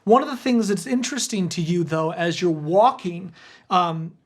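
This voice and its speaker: Male game master, high-pitched, chatty scene-setting narration. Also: lively intonation, moderate pace. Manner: descriptive, searching for words.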